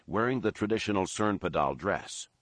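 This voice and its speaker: A deep-voiced male audiobook narrator reads scripted text with expressive storytelling flair. He speaks at normal speed, and the recording is dry.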